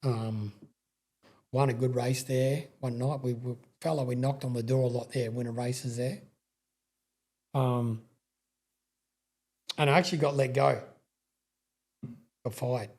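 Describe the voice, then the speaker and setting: Middle-aged Australian man, husky and mellow, loose rambling storyteller who swears and restarts sentences. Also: mid-range voice, steady tone, unhurried, pauses often. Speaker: guest, sprintcar racing veteran. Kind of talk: casual storytelling interview.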